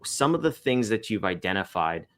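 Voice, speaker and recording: A man's voice: on the low side, big pitch swings, normal speed, a bit bright. A male podcast host in a casual interview, often restarting and repeating words as he thinks aloud.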